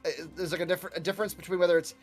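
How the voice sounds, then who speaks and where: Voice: medium pitch, little pitch movement, racing, faint music behind. A player in a tabletop game who chats about the rules and laughs often. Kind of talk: casual game chat.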